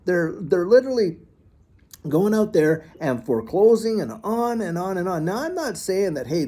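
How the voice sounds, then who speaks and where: A man hosting a finance channel, giving a folksy, animated commentary monologue and repeating phrases as he talks. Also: sits high, breathy edge. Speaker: crypto channel host.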